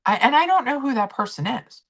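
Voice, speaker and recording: A woman's voice: high-pitched, lively intonation, brisk. A woman hosting a casual chat livestream, rambling and swearing freely as she talks to her viewers. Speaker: livestream host.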